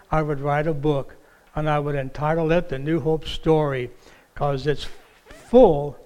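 An older man preaching a sermon as pastor in a church, slow and halting, with many fillers. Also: a little high.

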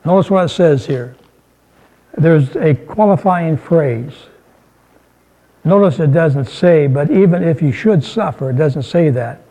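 A man's voice: a little high, expressive, a little slow, mellow, low-quality recording. A man preaching a sermon in a conversational way, mixing humor and scripture and lifting his voice for emphasis. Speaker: pastor.

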